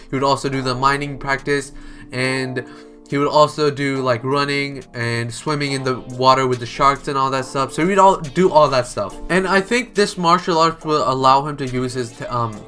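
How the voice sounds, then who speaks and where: A man's voice: mid-range voice, sharp tone. A man telling an improvised fan story in a chatty, rambling way, full of "like" and "um". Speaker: storyteller, channel host.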